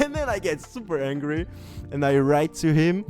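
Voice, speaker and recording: A man's voice: a little high, sing-song, moderate pace, a little mellow, soft background music. A man with a French accent, a podcast guest telling a story casually, with many fillers and restarts and slips into French. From France. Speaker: podcast guest, competitive gamer.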